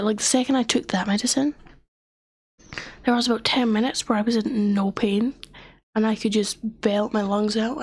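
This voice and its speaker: A woman's voice: on the high side, no echo. A young woman streaming, telling a story in casual chat, often dropping to a whisper, her voice worn from a sore throat. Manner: animated, often drops to a whisper.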